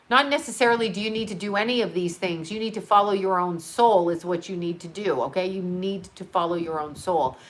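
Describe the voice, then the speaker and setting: Middle-aged woman host, casual livestream chat, salty and talkative, mid-pitched. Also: normal speed, hardly any pauses, fairly bright tone. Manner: chatty, swears freely, laughs at own jokes. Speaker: livestream host reading viewer comments.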